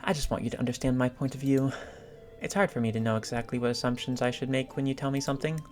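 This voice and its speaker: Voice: mid-range voice, fast talker, soft background music, close to an everyday voice. A gamer reading a game's dialogue aloud as an earnest, pedantic scientist man. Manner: reads game dialogue aloud.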